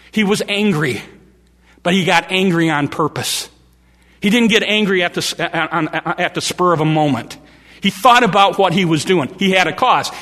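Man, sermon, bright tone, repeats phrases for stress, long hall reverb. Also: on the high side. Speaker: preacher.

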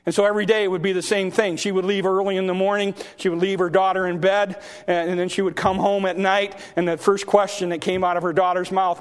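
Preacher guy telling a story in a sermon, kinda high voice, trips over words and gets loud. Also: flat delivery, quick pace, hardly any pauses. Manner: repeats words in restarts, swells loud at high points.

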